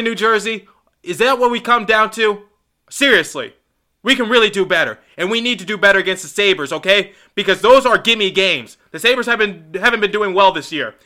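A man's voice: high voice, sharp tone. A man hosting a solo hockey podcast, ranting in exasperation and lecturing the team directly. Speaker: sports podcast host. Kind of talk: solo hockey commentary rant.

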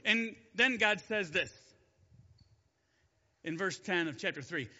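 A male Bible teacher tells the story casually, cracking jokes and asking his listeners questions. His voice is high and very bright. It is recorded in a long-echo hall with a slightly dull sound. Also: lively intonation, slow pace, pauses often. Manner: chatty, jokey, asks the audience questions.

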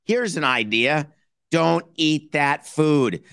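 A man's voice: fairly high pitch, slow, vocal fry, fairly bright tone, smooth, no room sound, studio quality. A man hosting a sports talk podcast, talking sarcastically and building his points like a mock courtroom argument. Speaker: podcast host.

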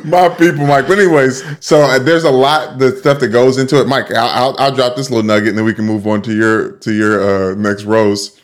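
A man's voice: medium pitch, steady tone, brisk, few pauses. A young man co-hosting a sports podcast in casual chat, rambling with repeated words and frequent laughs. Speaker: podcast co-host.

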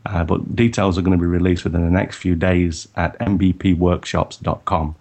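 A man's voice: low voice, flat delivery, moderate pace, darkish tone. A man guesting on a photography podcast, talking casually about his upcoming tours with many restarts and fillers. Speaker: photography workshop leader, guest.

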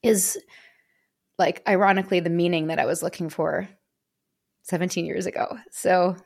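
A woman guest with a lowish voice and a gravelly edge. She talks candidly and emotionally about her life, often breaking off and restarting her sentences. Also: fairly even intonation, normal speed, a little mellow. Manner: frequent restarts and fillers. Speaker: podcast guest. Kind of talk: casual interview talk.

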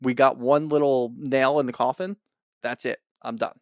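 A man's voice: medium pitch, fairly even intonation, moderate pace, darkish tone, dry recording, studio quality. A man co-hosting a casual recap podcast, talking bluntly with lots of swearing. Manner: blunt, profane, emphatic. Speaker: podcast co-host.

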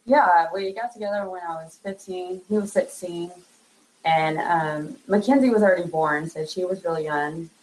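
A woman's voice: on the low side, moderate pace, a little mellow, rough recording. A woman in her thirties being interviewed, talking casually with lots of fillers and frequent laughs. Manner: laughs often, chatty with many fillers. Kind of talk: casual conversation.

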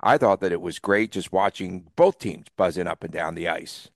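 A man hosting a sports podcast in casual, upbeat chat, talking in quick runs with some fillers. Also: sits low, no echo, clean studio sound. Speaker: podcast host.

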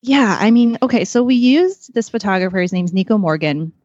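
A woman's voice: mid-range voice, expressive, fairly quick, a little mellow, no room sound, highs cut off. A woman chatting as a podcast guest, rambling with many fillers and calling herself awkward. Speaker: podcast guest, magazine staffer. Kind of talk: casual chat.

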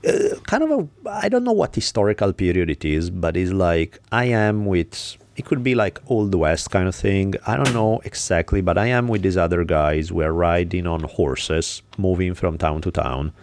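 A man's voice: sits low, animated, moderate pace, hardly any pauses, a little mellow, dry recording. A man hosting a podcast, telling a story in a blunt, casual, profane way. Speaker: podcast host. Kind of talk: casual chat.

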